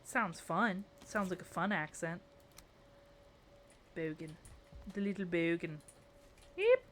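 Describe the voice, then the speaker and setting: A woman's voice: fairly low pitch, slow pace, slight background noise. Chatty woman streamer muttering while building. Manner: chatty, talks to herself and chat, playful muttering.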